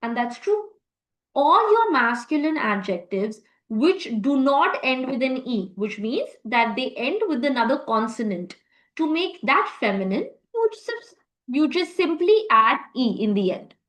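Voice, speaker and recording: A woman with a high, light voice leads a live online language class over a video call. She explains rules patiently and praises her students often. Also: sing-song, measured pace, a bit bright, roomy sound, low-quality recording. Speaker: French teacher.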